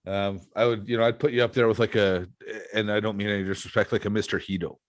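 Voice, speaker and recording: A man's voice: fairly low pitch, little pitch movement, quick pace, no echo. Laid-back male podcast host, dry sound. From Canada. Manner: laid-back storytelling with frequent fillers. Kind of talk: casual chat.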